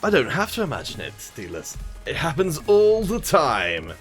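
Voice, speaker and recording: A man's voice: on the high side, huge pitch swings, normal speed, soft background music. A man casting a mobile game stream, greeting chat viewers by name and joking at his own expense. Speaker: esports stream caster. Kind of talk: casual stream commentary.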